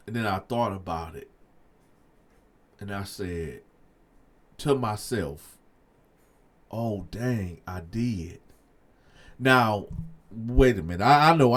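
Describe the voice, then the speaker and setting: A man's voice: on the low side, slow pace, pauses often. A man telling a personal story in a casual, slangy way, talking straight to his viewers. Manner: animated, slangy, talks to viewers directly.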